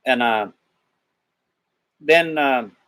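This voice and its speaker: A man's voice: mid-range voice, drawn-out words, a bit bright, smooth. A man rambling through a casual Bible discussion, retelling scripture in slangy paraphrase. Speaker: discussion participant.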